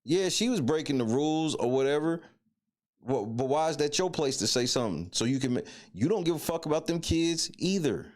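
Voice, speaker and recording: Male co-host, blunt and profane, very lively pitch. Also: a little fast. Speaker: livestream co-host. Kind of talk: casual commentary on viral videos.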